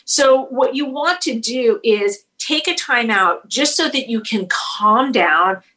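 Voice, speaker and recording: Bright, energetic woman therapist. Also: fairly high pitch, slow, low-quality recording. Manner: energetic, explains with acted-out example dialogue. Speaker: couples therapist guest. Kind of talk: podcast interview.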